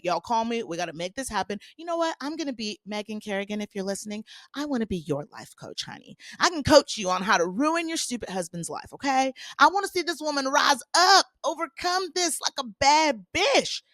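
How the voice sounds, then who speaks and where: Sassy animated woman podcast host. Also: on the high side, no echo, studio quality. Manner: sassy, animated, acts out quotes in put-on voices. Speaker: podcast host recapping reality TV. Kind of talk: casual gossipy recap.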